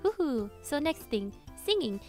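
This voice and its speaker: A woman's voice: on the high side, animated, a little fast, soft background music. A young woman hosting a casual live Q&A about singing covers, chatty and self-correcting with lots of fillers.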